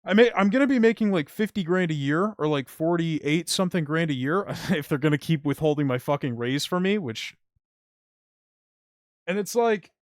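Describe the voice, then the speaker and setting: A young man's casual stream rant about his delivery job gets heated and full of swearing. He talks at normal speed with lively intonation and a fairly high pitch, and his streaming mic yields a clean studio sound with no room noise.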